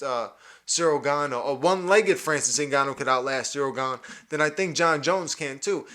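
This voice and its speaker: A man's voice: on the high side, bright, forceful tone. A man, a young adult, hosting a solo podcast and breaking down an upcoming fight, enthusiastic and full of repeated words and restarts. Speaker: podcast host.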